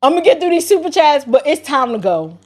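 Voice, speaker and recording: A woman's voice: sits high, very animated, quick pace. A woman hosting a casual livestream, laughing hard and breaking up as she talks. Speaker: livestream host.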